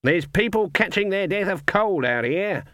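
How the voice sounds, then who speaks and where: A man's voice: sits high, animated, moderate pace, a bit bright, no echo, studio quality, pitched above the performer's own voice. A man reading an audiobook, voicing a cheerful, earthy old witch woman with a chatty, folksy way of talking.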